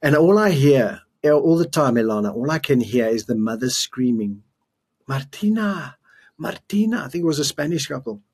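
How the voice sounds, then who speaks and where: A man's voice: medium pitch, animated, brisk, hardly any pauses, darkish tone, breathy edge. A middle-aged man from South Africa, a guest telling an emotional story in earnest, often restarting his sentences. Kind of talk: storytelling in a podcast interview.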